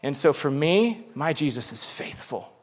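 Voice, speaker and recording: A man's voice: on the high side, big pitch swings, measured pace. A man preaching a sermon in an earnest, conversational way, often checking in with "right?" and "okay?". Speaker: pastor. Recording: long hall reverb.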